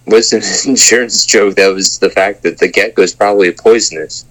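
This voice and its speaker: A man's voice: lowish voice, steady tone, normal speed, a bit bright, rough recording. A man co-hosting a casual podcast, talking in a laid-back, dry, profane way. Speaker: podcast co-host. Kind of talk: casual chat.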